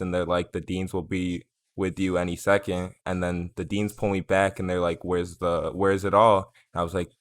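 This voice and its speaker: A man's voice: low-pitched, fairly bright tone, no room sound. A young man telling a story in a casual, rambling way, swearing and filling it with "like" and "um". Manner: rambling, profane, filler-heavy. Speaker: vlogger.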